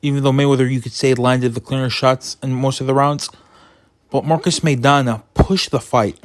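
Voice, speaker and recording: A man giving his opinionated casual commentary on a boxing result, getting animated as he retells funny moments. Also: medium pitch, moderate pace, no room sound.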